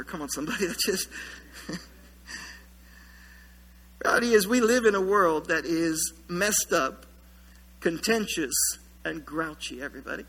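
A man preaching a sermon as pastor in a church, telling a story with lively humor. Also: very high-pitched, moderate pace, in a large hall. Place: church sanctuary.

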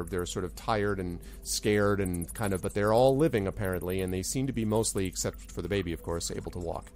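A man narrating a tabletop game as game master, rambling with lots of fillers. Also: deep voice.

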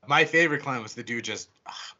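A man casually retelling a film's plot on a podcast, swearing freely and slipping into quick voices for the characters. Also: mid-range voice, bright, forceful tone, muffled recording. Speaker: podcast co-host. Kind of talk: casual movie recap.

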